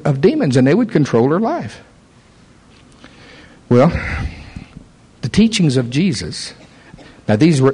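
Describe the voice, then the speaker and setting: A man preaching, telling a story from the pulpit. His voice sits a little high for a man and swings widely in pitch. He acts out the voices of the people in his stories. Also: breathy edge. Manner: animated, acts out quoted voices. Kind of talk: sermon storytelling.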